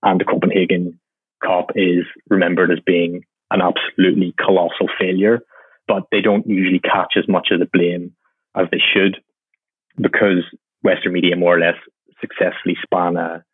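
A man answering interview questions as a climate policy expert, explaining in a measured, lightly wry way. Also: sits low, flat delivery, husky, no echo. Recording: tinny phone-like line, dry.

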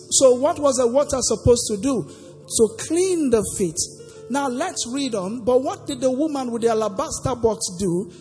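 With a slightly high, animated and a little mellow voice at a measured pace, a woman preacher leads a sermon in a church hall, asking questions for the congregation to answer and giving some phrases a sing-song lilt. The recording has long hall reverb and faint music.

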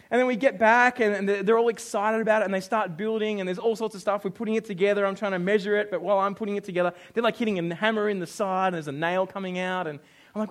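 Man, thirties, high voice; a pastor who preaches casually and plays out the voices in his own anecdotes. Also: quick pace. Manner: animated storytelling, acts out quotes. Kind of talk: sermon.

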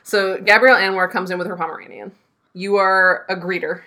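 A woman's voice: on the low side, fairly even intonation, a little fast, sharp tone. A young woman co-hosting a podcast, directing a role-play with teasing, bossy banter and casual swearing. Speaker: podcast co-host.

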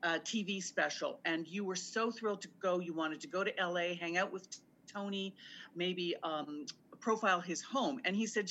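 Bright, giggly woman podcast guest. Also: lowish voice, normal speed. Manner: giggly, teasing. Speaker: guest, office assistant. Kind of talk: casual chat.

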